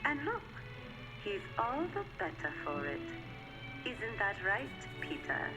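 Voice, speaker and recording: Creepy strict fifties housewife type, calm and low, mid pitch, show audio with music behind. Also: female voice, slow pace, rough recording. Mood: coldly smug. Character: strict, menacing woman of a 1950s-style household.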